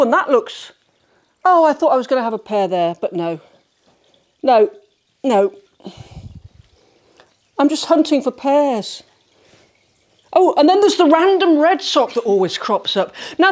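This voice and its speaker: A middle-aged woman narrates a declutter vlog while sorting socks on her bed, her high voice swooping up and down. Chatty and exclamatory, she mocks herself as she goes along.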